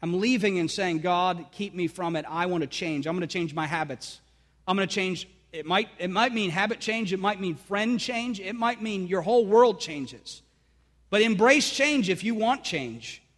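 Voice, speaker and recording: A male pastor with a high, slightly bright voice preaches to his congregation in a church sanctuary. He speaks with fervent emphasis and calls out to his listeners, and the church hall's long reverb carries every word.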